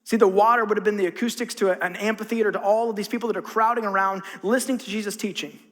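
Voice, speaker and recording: A man's voice: high-pitched, fairly even intonation, rapid-fire, a bit bright, big-room sound. A man preaching a conversational sermon as a pastor, acting out the voices in his story. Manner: conversational, acts out quotes.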